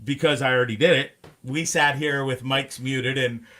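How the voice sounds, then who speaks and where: A man hosting a live talk show, rambling and animated, swearing freely. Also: mid-range voice, normal speed. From Canada. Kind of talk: casual live show chat.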